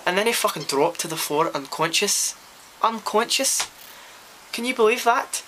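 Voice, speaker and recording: Rowdy Scottish man, as a man puts him on, sweary, incredulous, bright voice. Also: sits high, lively intonation, normal speed, a little hiss or hum. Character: rowdy Scottish man telling a wild story.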